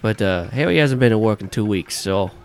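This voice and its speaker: A man voicing a crude, gruff New York cab dispatcher with a put-on New York accent who swears and blusters. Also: on the low side, animated, fairly quick, darkish tone.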